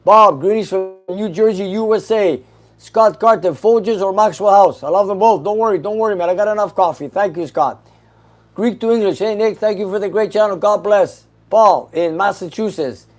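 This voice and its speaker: A man hosts a casual livestream, working through viewer comments one by one. His voice sits a little high, and he answers each question briefly and with an easy laugh. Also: moderate pace, soft background music. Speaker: host reading live chat questions.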